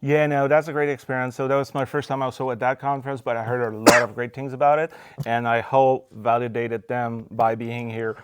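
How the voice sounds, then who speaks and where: A man's voice: mid-range voice, level tone, a little fast, very noisy. A man hosting a casual backstage interview at a conference, upbeat and chatty with frequent filler words. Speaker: podcast host. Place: conference venue in a cinema.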